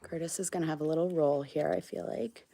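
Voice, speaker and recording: A woman's voice: sits low, fairly even intonation, brisk, creaky, dark tone, slight background noise. A woman filming on her farm, chatting to her animals with dry teasing humor and coaxing them to come over. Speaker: farm vlogger. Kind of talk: casual chat to farm animals. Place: outdoors on a farm.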